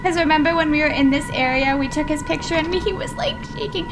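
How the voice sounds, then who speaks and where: A woman with a high, bright voice commentates her horror game playthrough, easily startled and quick to curse or squeal. Her running commentary sits over a steady noisy hiss. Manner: excitable, swears and shrieks when scared; reads game text aloud in Japanese. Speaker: gaming streamer. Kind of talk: let's play commentary.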